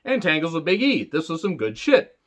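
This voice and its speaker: A man's voice: fairly high pitch, big pitch swings, fairly quick, fairly bright tone. A man reviewing a wrestling show in a casual solo monologue, sarcastic and profane, with rambling asides. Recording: dull lo-fi audio.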